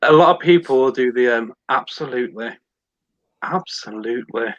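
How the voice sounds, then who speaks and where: A man talking as a guest entertainer in a casual podcast chat, animated and slipping into voices as he explains. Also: medium pitch, quick pace, no room sound, dull audio.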